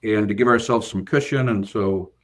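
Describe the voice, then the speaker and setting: A man's voice: lowish voice, normal speed. A man, a bank finance executive, being interviewed and earnestly recounting a work story, with frequent fillers and restarts. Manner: earnest, hesitant with many fillers and repeated starts. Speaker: bank CFO, guest.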